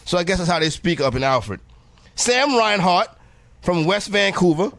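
A man's voice: sits high, lively intonation, moderate pace, fairly bright tone, no room sound. A man hosting a radio show, chatting casually and joking as he stumbles through a list of names. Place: radio studio.

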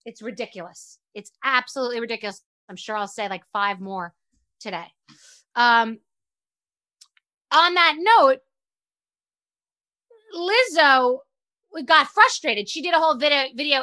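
A woman hosting a show, talking in a casual, animated, profane rant that mocks herself. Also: sits high, a little slow, pauses often. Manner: animated, profane, self-mocking. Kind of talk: casual ranty monologue.

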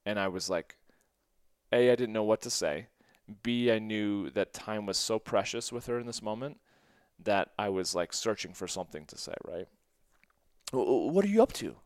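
A man's voice: on the low side, moderate pace, clear, resonant tone, dry recording, clean studio sound. A man hosting a podcast, telling a personal story in an earnest, rambling way full of "like" and restarts. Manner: rambling, many "like" fillers and restarts; earnest and emotional. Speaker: podcast host.

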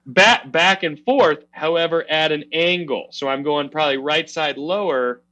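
A man co-hosting a podcast in casual chat, upbeat and agreeable with quick asides. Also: fairly high pitch, sharp tone, lo-fi sound. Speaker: podcast co-host.

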